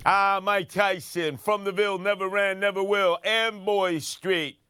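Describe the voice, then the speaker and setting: A man's voice: high-pitched, steady tone, measured pace, sharp tone, smooth, no room sound, clean studio sound. Brash New man on talk radio. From Brooklyn, New York. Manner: brash, mocking New York street talk. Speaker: radio host. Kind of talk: talk radio banter and commentary.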